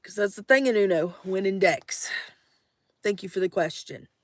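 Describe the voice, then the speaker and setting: A woman's voice: medium pitch, normal speed, dry recording, studio quality. A young adult woman live streaming late at night, reading chat aloud in a playful, theatrical way.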